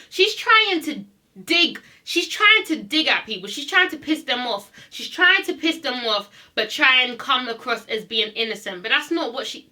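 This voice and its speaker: A woman's voice: high voice, pushed and bright. A woman recapping a reality TV episode in a blunt, sassy rant, swearing freely and repeating herself for emphasis. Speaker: reality TV reviewer. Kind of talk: casual ranting recap.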